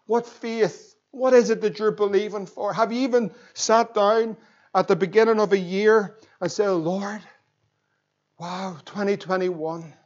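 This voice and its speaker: A Northern Irish pastor in his thirties delivers a sermon in a high, slightly mellow voice, full of fervent energy as he presses listeners with emphatic questions. The recording is a little muffled and dull.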